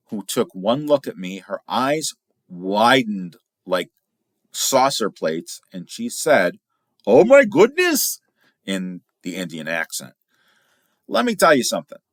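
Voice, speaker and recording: A middle-aged man from Illinois with a low, deep voice, hosting a casual storytelling podcast. He talks in a chatty, animated way and throws his pitch up high to stress a point. The sound is dry and close, with no room echo. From Illinois, USA. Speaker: podcast host, firearms instructor.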